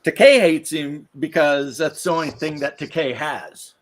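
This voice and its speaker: A man's voice: a little high, normal speed. A man co-hosting a casual chat, blunt and opinionated. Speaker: podcast co-host.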